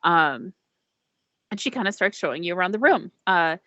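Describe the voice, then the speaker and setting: A woman's voice: on the low side, lively intonation, normal speed, bright, forceful tone, no echo. Chatty woman narrating as game master. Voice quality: chatty, full of fillers. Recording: dull lo-fi dry sound.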